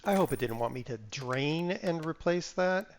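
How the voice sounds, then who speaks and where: A man's voice: a little high, lively intonation, moderate pace, a little hiss or hum. A man casually commenting on a live game stream. He mutters to himself while playing, breaks into sudden exclamations and sniffles now and then.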